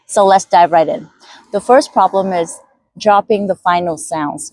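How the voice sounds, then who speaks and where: A woman's voice: on the low side, darkish tone, dry recording. Vietnamese-accented woman teaching English sounds. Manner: explains slowly, models words one by one. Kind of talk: casual teaching to camera. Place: outdoors in the sun.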